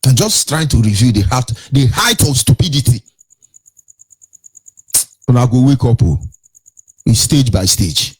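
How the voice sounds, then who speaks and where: A man's voice: mid-range voice, sing-song, unhurried, pauses often, a little mellow, slightly rough, faint music behind. A man with a Nigerian accent hosting a radio show, giving indignant commentary with repeated rhetorical questions and a sing-song lilt. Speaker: radio host.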